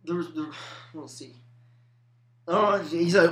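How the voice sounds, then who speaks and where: A man's voice: on the high side, animated, unhurried, a bit bright. A young man telling crude, laughing anecdotes in casual chat with friends. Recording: echoey room.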